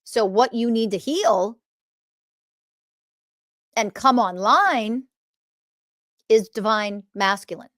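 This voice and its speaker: A woman hosting a solo spiritual podcast, talking in an animated, emphatic way that now and then turns to swearing. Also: on the high side, takes it slowly, pauses often, no room sound, studio quality. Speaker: podcast host and spiritual teacher.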